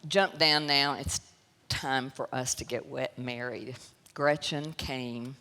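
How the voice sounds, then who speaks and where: Rumbling low and forceful, with a bright tone, this Southern US woman speaks slowly and with fairly even intonation. As a guest speaker in a church sanctuary, she gives an emotional testimony full of laughter and sorrow, captured with long hall reverb.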